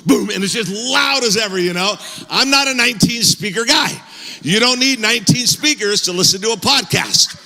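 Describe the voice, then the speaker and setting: A male pastor tells a story from the pulpit with animated, self-mocking humor. His voice sits high and sounds very bright. It rings out into a church hall with a long reverb. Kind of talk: storytelling sermon. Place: church auditorium.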